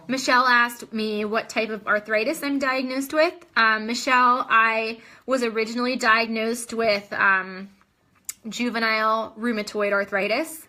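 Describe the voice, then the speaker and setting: A woman's voice: mid-range voice, pushed and bright. A young adult woman hosting a casual live video chat, answering viewer comments in a chatty way full of ums and restarts, a little short of breath.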